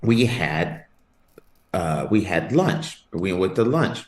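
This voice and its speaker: A man's voice: sits low, sing-song, takes it slowly. A man hosting a sports podcast, chatting casually with a co-host, laughing and rambling as he talks. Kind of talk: casual chat. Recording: roomy echo.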